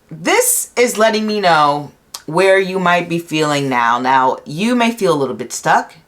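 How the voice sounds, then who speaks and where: A woman with a low voice gives a casual tarot reading at home. She talks in a chatty, upbeat way, full of ums and little laughs, speaking to a camera on her desk. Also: fairly bright tone. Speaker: tarot reader.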